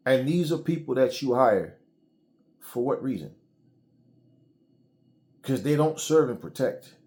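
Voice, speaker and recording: A man's voice: medium pitch, lively intonation, takes it slowly, warm tone. A middle-aged man giving heated solo commentary, blunt and swearing freely as he vents. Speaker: channel host.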